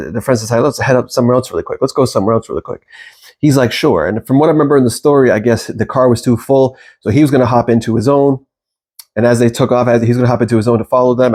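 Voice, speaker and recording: A man, a manifestation coach, telling a story in a casual, animated monologue with frequent swearing, acting out the voices of the people in it. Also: mid-range voice. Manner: animated, profane, acts out quoted voices.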